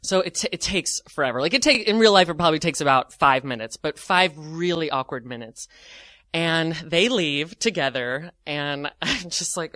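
A man telling a comic personal anecdote, animated and self-mocking, with lots of "like" fillers. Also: fairly high pitch, normal speed, no room sound. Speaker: storyteller.

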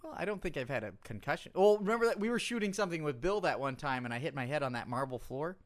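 A podcast co-host in casual comedic chat, excitable and playful, swearing freely. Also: mid-range voice, fast.

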